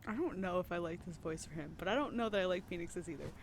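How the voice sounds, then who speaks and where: A young woman streaming a video game, chatting casually, giggly and excitable, talking to herself as she plays. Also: on the low side, quick pace, a little hiss or hum. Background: game music.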